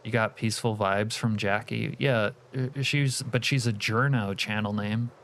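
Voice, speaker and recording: Laid-back male game streamer, lowish voice. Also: a little slow, slight background noise. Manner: relaxed, reads chat aloud, muttered asides to the game. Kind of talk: live-stream chat while gaming.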